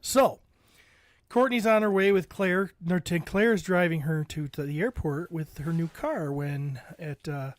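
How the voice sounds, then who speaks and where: In his forties, this man co-hosts a podcast, and here he tells friends a long story in a casual way. His voice sits on the high side and moves unhurriedly, and he's an animated storyteller who acts out the voices he quotes and laughs often.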